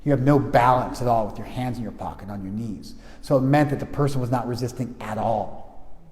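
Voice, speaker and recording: A man's voice: medium pitch, a little fast, a little mellow. Man talking informally, in a reverberant room. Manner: conversational, frequent restarts, checks listeners with "you follow?". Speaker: spiritual teacher. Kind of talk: informal talk to a group.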